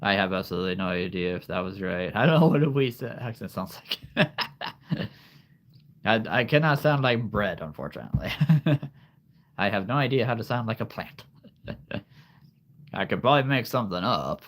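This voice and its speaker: A man's voice: on the low side, expressive, moderate pace, long pauses, a bit bright. A man hosting a live stream, chatting casually with viewers, laughing often and answering their questions. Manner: laughs often, easygoing, reads and answers chat. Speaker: livestream host.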